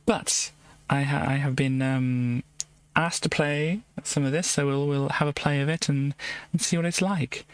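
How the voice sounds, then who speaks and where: A man's voice: a little high, fairly even intonation, a little slow, smooth. A man streaming a game live, reading its text aloud and adding wry asides, often restarting sentences and repeating words. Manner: wry asides between read passages.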